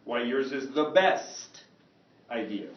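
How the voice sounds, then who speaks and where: Speaking slowly in a medium-pitched voice, a man leads a classroom through Spanish grammar, frequently asking whether students are following, and his manner is lively. Recorded far from the mic, the echoey classroom audio sounds dull.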